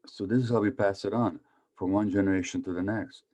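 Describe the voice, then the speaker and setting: Older male physician speaker, low-pitched, chatty lecturing style that poses questions to the listeners. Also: steady tone, brisk, a little mellow. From Hungary. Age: 70s. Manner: conversational, asks the audience questions. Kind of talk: public talk on trauma.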